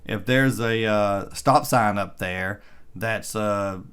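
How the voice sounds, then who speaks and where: A man's voice: on the low side, slow pace, fairly bright tone, clean tone. A middle-aged man vlogging about electric cars in casual commentary, reading an article aloud with rambling, opinionated and sarcastic asides.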